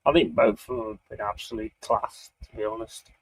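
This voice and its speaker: A man with a Bristol English accent hosts a live stream from home, reading chat comments and chatting easily with a guest amid plenty of jokes. His fairly low voice runs a little fast, a crowd can be heard in the background, and the audio is poor.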